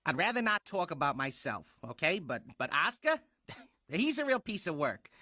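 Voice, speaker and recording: A wry, grumpy shark. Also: male voice, a little high, sing-song, normal speed, pushed and bright, full character voice. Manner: dry, grumbling storyteller.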